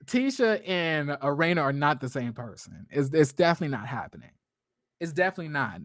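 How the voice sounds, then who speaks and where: Young male streamer, high voice, dry close mic, rambling gossipy reality-TV commentary full of fillers. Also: sing-song, fairly quick, fairly bright tone, no echo. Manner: chatty, profane, laughing often, many fillers and restarts. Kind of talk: casual reaction commentary.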